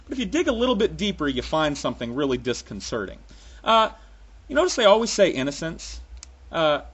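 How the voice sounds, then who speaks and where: A man's voice: high-pitched, very animated, fast talker, a bit bright, husky. A man ranting sarcastically with frequent profanity, in a solo comic monologue. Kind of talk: sarcastic comic rant to camera.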